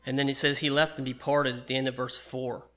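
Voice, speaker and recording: A man's voice: mid-range voice, little pitch movement, brisk, a bit bright. A man preaching a sermon in an earnest, conversational way, reading and explaining scripture.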